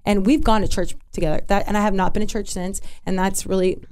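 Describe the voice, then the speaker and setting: A woman telling a personal story in an interview, candid and halting, with restarts and asides. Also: mid-range voice, steady tone, a little mellow, smooth. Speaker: interview guest.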